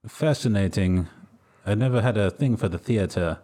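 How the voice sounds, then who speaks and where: A man playing a calm, wise older space knight from a film, speaking in a measured, formal way. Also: on the low side, breathy edge.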